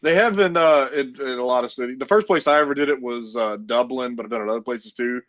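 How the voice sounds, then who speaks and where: A man co-hosting a casual chat podcast, talking in a blunt, profane way with deadpan jokes. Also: mid-range voice, fast, no room sound. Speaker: podcast co-host. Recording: dull lo-fi dry sound.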